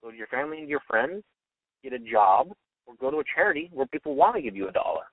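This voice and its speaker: A young man rattles through an opinionated radio monologue at a fast clip, arguing and slipping into quick quoted voices. The sound is thin and phone-like, with the voice set back from the mic. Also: mid-range voice, animated, no room sound, recorded from a distance. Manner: argumentative, acts out quoted voices.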